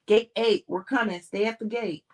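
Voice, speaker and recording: A woman reading a novel aloud voices a frantic female publicist who speaks breathlessly and urgently, straining to stay calm. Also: mid-range voice, moderate pace, natural voice. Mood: breathless, pleading. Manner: breathless, pleading, then forced calm.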